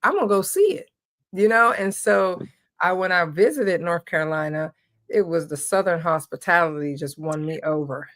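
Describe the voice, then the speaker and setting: A middle-aged woman from Ohio, a former basketball player telling stories as a guest in a casual interview, animated and laughing often. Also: lowish voice, normal speed. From Ohio, USA.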